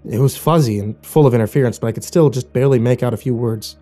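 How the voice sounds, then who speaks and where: Brief: male horror narrator, mellow, measured, faint music bed. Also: mid-range voice. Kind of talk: first-person horror story reading.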